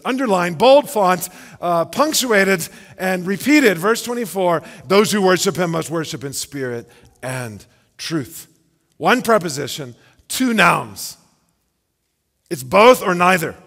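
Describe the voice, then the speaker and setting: The long reverb of a church hall surrounds this man's sermon from the sanctuary. As pastor he preaches emphatically, asking rhetorical questions and repeating words to build his points, in a voice on the high side and a bit bright.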